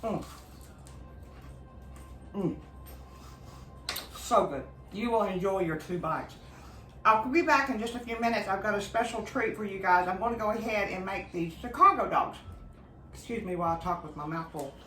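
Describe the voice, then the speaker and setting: A woman's voice: medium pitch, moderate pace, pauses often, sharp tone, recorded from a distance, soft background music. Chatty woman cooking in a roomy kitchen. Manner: chatty, enthusiastic, talks to viewers as friends. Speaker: home cooking vlogger. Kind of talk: casual cooking demonstration. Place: home kitchen.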